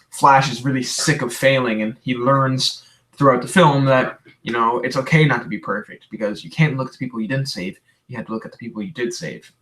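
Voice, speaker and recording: A man's voice: medium pitch, fairly bright tone. A young man from Canada hosting a livestream, chatting casually and rambling through viewer questions with many restarts, tired today. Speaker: livestream host.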